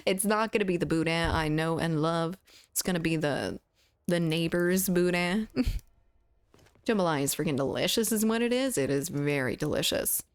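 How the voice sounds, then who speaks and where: A woman's voice: fairly low pitch, normal speed, dry recording. A woman with a Southern US accent chatting casually with her livestream chat while playing a game, laughing often and swearing freely. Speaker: streamer.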